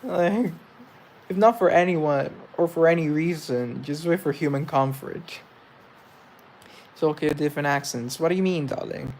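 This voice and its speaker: A man's voice: on the high side, darkish tone, a little hiss or hum. A young man with a mixed English accent chatting casually to viewers in a rambling way, often correcting himself mid-sentence. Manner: rambling, self-correcting, quick asides. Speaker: host.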